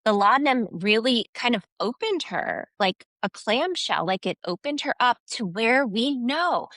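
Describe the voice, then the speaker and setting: A woman's voice: fairly high pitch, lively intonation, unhurried, fairly bright tone, no echo, clean studio sound. A woman co-hosting a casual book-discussion podcast, reflective and analyzing the characters. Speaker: podcast co-host.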